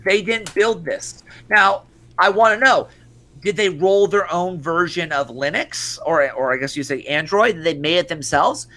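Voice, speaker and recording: A man's voice: high-pitched, measured pace, pushed and bright. A man co-hosting an online show, ranting in profane casual commentary full of stumbling restarts. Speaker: stream co-host.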